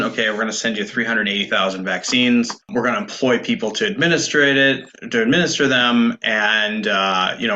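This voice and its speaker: A man co-hosting a podcast in casual chat, thinking aloud in a halting way and often restarting sentences. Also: mid-range voice, sharp tone, a little hiss or hum, rough recording. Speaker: podcast co-host.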